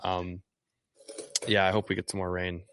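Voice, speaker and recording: A man's voice: low voice, monotone, moderate pace, a bit bright, a little hiss or hum. A fishing guide from Northeast Wisconsin, a man talking casually in an interview and rambling with many ums and restarts.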